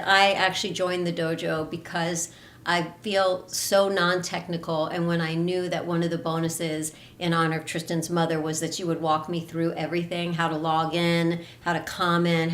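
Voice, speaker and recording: A woman fitness instructor introducing a live online class in a warm, chatty way. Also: on the low side, level tone, moderate pace, echoey room, slight background noise.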